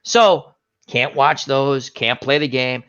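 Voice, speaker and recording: A man's voice: medium pitch, takes it slowly, clean tone. A man hosting a casual live chat, telling a long story and acting out the other people's lines. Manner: animated storytelling, acts out quotes. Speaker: show host. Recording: dull lo-fi stream audio.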